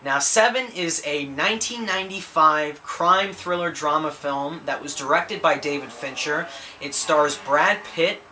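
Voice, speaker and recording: A man hosting a casual movie review, his voice bright and forward with a slightly raised pitch. He rambles enthusiastically, restarting sentences and repeating himself as he goes. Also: a little hiss or hum. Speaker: movie reviewer, channel host.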